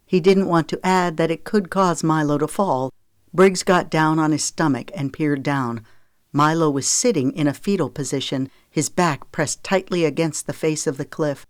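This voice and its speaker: A narrator reading a novel in a steady, measured voice at an even, middle pitch. The recording is close and dry, with no room sound. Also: clean tone, no room sound. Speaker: audiobook narrator. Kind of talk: scripted narration of a romance novel.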